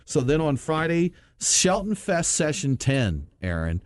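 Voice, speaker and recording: A man co-hosting a casual beer radio show, reading out local events in a relaxed way. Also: on the high side, unhurried, dry recording. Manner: easygoing event-listing delivery. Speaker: podcast co-host.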